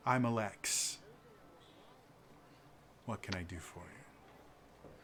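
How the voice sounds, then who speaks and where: A man voicing a courteous, soft-spoken male noble in a tabletop game, polite and measured. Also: fairly low pitch, slight background noise. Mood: smooth courtesy.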